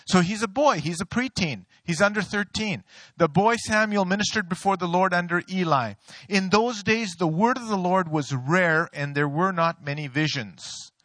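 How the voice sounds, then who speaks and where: A middle-aged pastor delivers his sermon in a high, bright voice. He tells stories with a playful, joking touch. The sound is dry and close. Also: no echo. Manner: storytelling, playful, laughs at own jokes.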